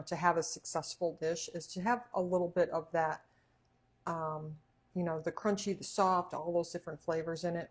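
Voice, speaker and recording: Woman, cooking-stream host, low voice, chatty, laughs a lot. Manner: chatty, laughs often, talks while eating. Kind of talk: casual livestream chat.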